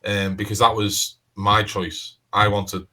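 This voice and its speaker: A man's voice: lowish voice, little pitch movement, takes it slowly, pushed and bright, rough recording. A man with a Liverpool accent talking in a casual interview as a crime author, rambling and restarting sentences with lots of "you know". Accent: Liverpool (Scouse). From Liverpool, England.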